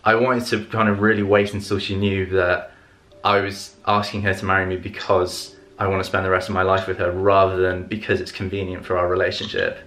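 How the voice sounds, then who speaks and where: A young man in casual vlog talk, earnest and excited, laughing often. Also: sits low, fairly quick. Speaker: vlogger.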